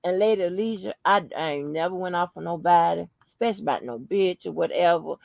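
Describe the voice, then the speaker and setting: With a lowish voice full of vocal fry, this podcast host talks quickly as she tells a story in casual conversation, cursing often and speaking emphatically with lots of animation. The audio is dull and has no echo.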